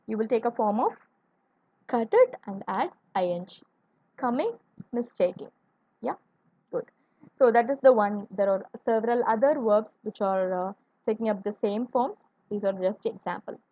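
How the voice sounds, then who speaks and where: A woman's voice: on the high side, highs cut off. A woman teaching an online English grammar lesson, spelling words out letter by letter and asking viewers to answer.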